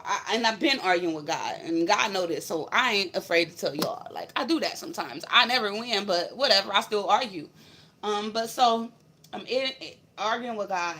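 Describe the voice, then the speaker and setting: A woman's voice: medium pitch, moderate pace, fairly bright tone. Woman just talking to the cam, cussing a lot, telling her story straight up, bit of faint hiss. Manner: blunt, profane, emphatic storytelling. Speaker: spiritual vlogger. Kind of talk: casual storytelling to camera.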